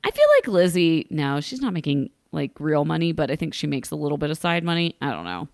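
A woman co-hosting a podcast in casual chat, animated, laughing often, with sarcastic asides. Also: sits low, quick pace, creaky, no echo, clean studio sound. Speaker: podcast co-host.

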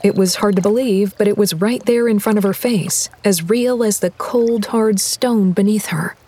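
A woman reading a horror audiobook in a measured, deliberate storytelling voice. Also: medium pitch, mellow, breathy edge. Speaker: narrator. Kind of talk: scripted horror audiobook narration.

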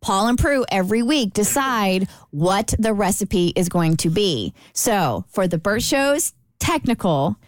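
A woman's voice: medium pitch, sing-song, a little slow, hardly any pauses, no room sound. A woman co-hosting a morning radio show, explaining things in detail in casual banter and laughing easily.

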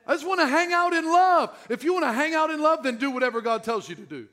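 A middle-aged man pastor preaching a sermon in an animated, joking way. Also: very high voice, quick pace.

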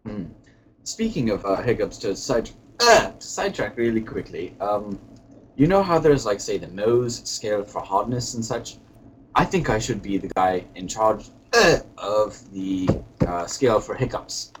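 A man's voice: lowish voice, sing-song, unhurried, a little hiss or hum, rough recording. A man doing a hiccuping pompous British lord. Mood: rambling. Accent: put-on British. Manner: rambling, hesitant, genteel phrasing. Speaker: podcast co-host. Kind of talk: comedic podcast character chat.

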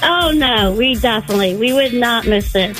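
A woman's voice: fairly high pitch, expressive, moderate pace, fairly bright tone, faint music behind. A woman guest on a radio show, chatting cheerfully and giggling. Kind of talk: casual chat.

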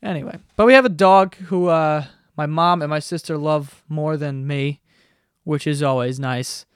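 A young man in his twenties runs a one-person podcast from the basement bedroom of his home, rambling, cursing casually and joking self-deprecatingly. His voice is a little high and steady, at normal speed, with a clear, resonant tone. The podcast-mic recording is dry and clean, like a studio.

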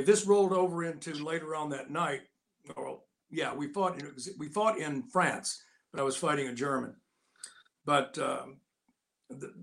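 Older guy in his 60s telling stories, folksy and lively, kinda high voice for a man. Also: gravelly. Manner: folksy, animated anecdote-telling. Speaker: interview guest, actor and Navy veteran. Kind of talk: casual storytelling in an interview.

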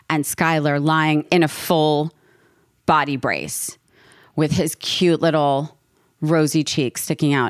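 A woman's voice: sits low, dry recording, clean studio sound. A woman in her thirties, a mother and podcast host, emotionally retelling a frightening day with lots of quoted dialogue. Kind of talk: casual storytelling.

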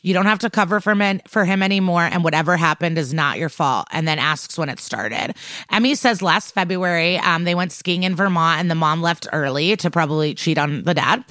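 Woman, podcast co-host, casual recap, brisk retelling, lowish voice, dry close sound. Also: fairly bright tone, no echo. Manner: brisk retelling, acts out quotes in passing.

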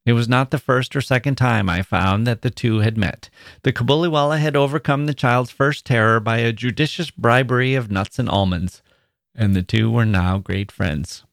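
A man, a podcast host, reading a classic short story aloud in a measured storytelling manner. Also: medium pitch, gravelly, dry recording, studio quality. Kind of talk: literary reading.

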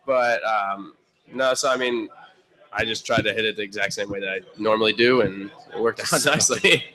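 Laid-back young man, bright voice. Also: lowish voice, moderate pace, low-quality recording. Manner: laid-back, laughs often, filler-heavy. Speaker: soccer player guest. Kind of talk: casual interview chat.

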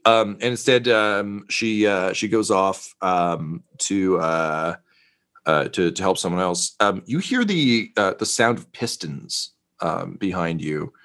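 A man's voice: low-pitched, takes it slowly, fairly bright tone. A man narrating as game master in a tabletop game, rambling with many fillers and jokes. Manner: rambling, filler-heavy, jokey.

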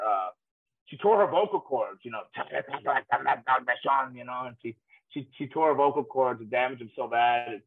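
A man telling rambling, laughing stories as a guest on a talk show. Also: mid-range voice. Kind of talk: casual storytelling. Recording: tinny phone-like line.

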